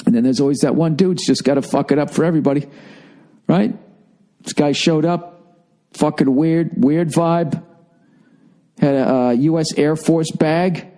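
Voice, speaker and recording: A man's voice: on the high side, moderate pace, long pauses. A man in his forties hosting a podcast, telling a rambling, profane comic story in a tired, lethargic way. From United States. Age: 40s. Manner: rambling, profane storytelling with lively acted-out quotes. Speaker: podcast host. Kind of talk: solo comedic monologue.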